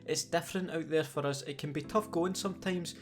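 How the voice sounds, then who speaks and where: A man's voice: a little high, fairly even intonation, a little fast, soft background music. A man with a Scottish accent, delivering scripted comedic commentary as a gaming YouTuber, sardonic and sweary. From Scotland. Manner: sardonic and sweary, playful storytelling.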